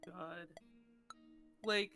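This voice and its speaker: A woman player chatting casually on a stream, excitable. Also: fairly low pitch, drawn-out words, vocal fry, soft background music.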